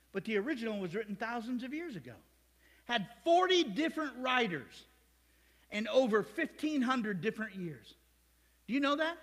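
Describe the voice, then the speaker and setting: Male pastor, high voice, chatty sermon full of jokes and rhetorical questions, long reverb. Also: fairly bright tone. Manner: conversational, joking, rhetorical questions. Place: church sanctuary.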